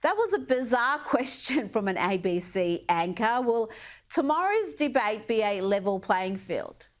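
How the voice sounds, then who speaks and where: A woman anchoring a news interview, brisk and chatty, laughing lightly mid-sentence. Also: a little high, very animated.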